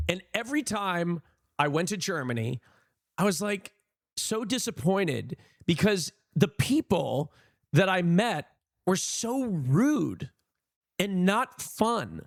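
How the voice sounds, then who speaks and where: A man's voice: sits high, vocal fry, dry recording, clean studio sound. A man livestreaming, chatting casually with his viewers and giving blunt opinions. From United States. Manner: animated, opinionated, talks to chat.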